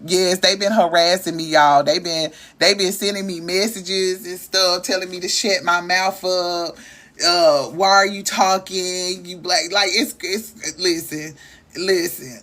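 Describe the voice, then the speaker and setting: A woman's voice: lowish voice, slow pace, a bit bright. A woman, hosting a casual livestream and talking straight to her viewers in a chatty, emotional way. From Arkansas. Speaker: livestream host.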